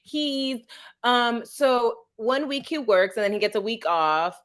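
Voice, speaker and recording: A woman's voice: a little high, slow pace, a bit bright. A woman co-hosting a casual podcast chat, acting out quotes and laughing often. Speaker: podcast co-host.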